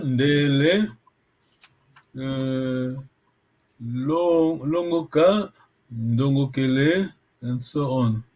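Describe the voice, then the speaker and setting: A man's voice: on the high side, darkish tone. A man teaching a language lesson over a video call, patiently checking that his students follow.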